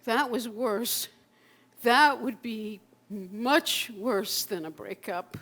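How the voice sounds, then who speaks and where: Slow, intense older woman in stage monologue. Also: fairly high pitch, a bit bright. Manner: raw and emotional, halting repetitions and swearing. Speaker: solo stage performer. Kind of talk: autobiographical one-person stage monologue. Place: live performance at a community center.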